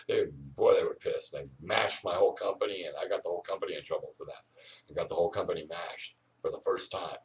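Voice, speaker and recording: Fast rambling man ranting outdoors. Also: low-pitched, steady tone, far from the mic, slight background noise. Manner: ranting, repetitive, fillers "you know". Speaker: vlogger.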